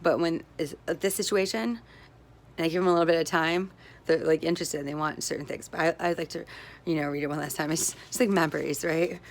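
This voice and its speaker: A woman's voice: low voice, fairly even intonation, fast, slight background noise. A woman talking in a casual, meandering monologue, restarting her sentences, tagging on "right?" and breaking into easy laughs. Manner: meandering, self-interrupting, often tags with "right?"; laughs easily between thoughts.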